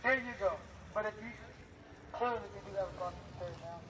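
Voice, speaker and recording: High-voiced man rallying a crowd outdoors. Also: fast, sharp tone. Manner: blunt, preachy, swears freely. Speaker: protest organizer addressing a crowd. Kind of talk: rallying speech to a gathering. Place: outdoors in a park at a protest gathering. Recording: dull sound with faint background noise.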